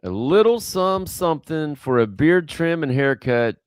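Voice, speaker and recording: A man co-hosting a livestream, reading viewer messages and teasing the host with quick, chuckling comebacks. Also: fairly high pitch, expressive, clean tone, no room sound, studio quality. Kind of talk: casual livestream chat.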